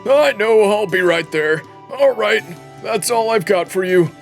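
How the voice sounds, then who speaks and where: A friendly, talkative old village man, as a male streamer puts him on. He drags out his words in a folksy, easy ramble. The voice sits somewhat high for a man, with faint music playing underneath. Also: animated. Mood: chatty. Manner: chatty, drawn-out, folksy. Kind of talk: game dialogue read aloud by a streamer.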